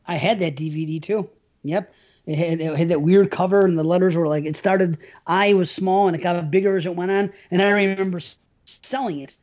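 A man's voice: sits high, fairly quick, muffled recording. A man co-hosting a casual movie chat, swearing often and laughing as he tells stories. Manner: profane, laughing, animated storyteller. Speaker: podcast co-host.

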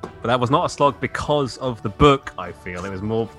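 A man's voice: mid-range voice, expressive, normal speed, fairly bright tone, faint music behind. A man hosting a comic podcast, reading a book aloud and bantering in a dry, mock-serious way.

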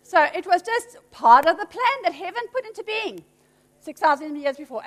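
A woman's voice: very high voice, big pitch swings, moderate pace. A woman preaching a sermon, emphatic and teasing with playful asides. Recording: long hall reverb.

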